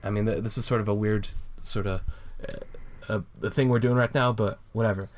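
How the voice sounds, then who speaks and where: A man's voice: on the low side, steady tone, a little fast. A young man hosting a casual podcast, rambling and laughing as he walks through a fan comic. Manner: rambling, giggly, lots of filler. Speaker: podcast host.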